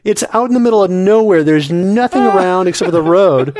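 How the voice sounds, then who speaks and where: A man telling absurd comic stories on a podcast, rambling and excitable, often laughing at his own tale. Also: high-pitched, a little fast, a crowd in the background. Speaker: comedy podcast regular.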